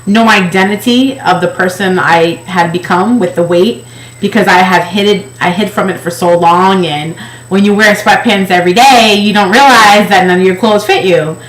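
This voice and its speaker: A woman's voice: mid-range voice, moderate pace. Candid woman telling a personal story. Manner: candid, emotional, acts out quoted voices. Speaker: weight-loss project participant. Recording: echoey room.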